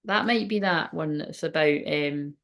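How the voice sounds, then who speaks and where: A woman's voice: low-pitched, measured pace, a bit bright. A woman, giving a casual, rambling tarot reading, swearing freely and laughing often. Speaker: tarot reader and medium.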